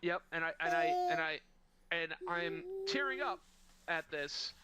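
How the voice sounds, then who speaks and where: A man's voice: fairly high pitch, big pitch swings, measured pace, noisy background. A man telling a rambling, crude, mock-sentimental story in casual chat with friends. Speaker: podcast co-host telling a story.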